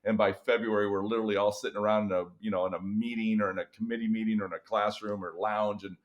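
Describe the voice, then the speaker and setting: A man's voice: fast talker, dull audio. A middle-aged man, an experienced educator, talking in a podcast interview and acting out tired teachers with big vocal swings. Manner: animated storytelling, acts out weary teachers with big pitch jumps. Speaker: guest educator and author.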